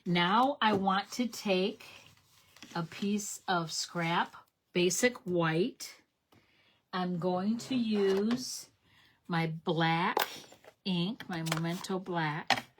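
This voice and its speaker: Speaking very slowly on the low side, a middle-aged woman leads a card-making tutorial with slight background noise in the audio. The channel host is chatty and keen, explains each step to "you guys," and corrects herself often.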